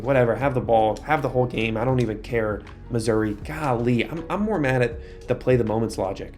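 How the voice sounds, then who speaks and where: A young man giving casual commentary while playing a football video game, breaking into exasperated outbursts. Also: medium pitch. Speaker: gaming YouTuber.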